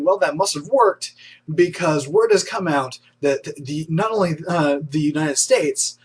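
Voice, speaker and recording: Young male host of a casual web news show. Husky, slightly high voice, chatty and excitable, stumbles and restarts often. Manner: chatty and enthusiastic, with frequent restarts and fillers.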